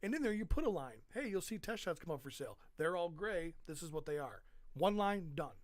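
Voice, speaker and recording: A man's voice: fairly high pitch, big pitch swings, a little fast, dry recording, studio quality. A man co-hosting a casual podcast, ranting and swearing freely about an online forum. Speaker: podcast co-host. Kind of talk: casual chat.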